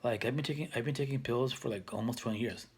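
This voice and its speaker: A vlogger in his thirties talks to the camera for his own channel, rambling with lots of restarts and fillers. He speaks quickly in a mid-range, slightly rough voice.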